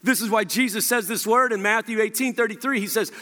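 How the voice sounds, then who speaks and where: Male pastor, animated sermon, high pitch, long echoing hall. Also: a little fast, few pauses. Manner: animated preaching, acting out quoted voices. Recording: reverberant hall.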